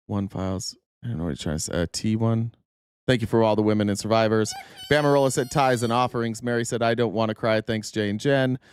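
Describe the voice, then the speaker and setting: A man's voice: medium pitch, darkish tone, clean tone, dry recording, clean studio sound. A man hosting a live political talk stream, reading out viewer comments in a blunt, casual way and swearing freely. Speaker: political talk show host.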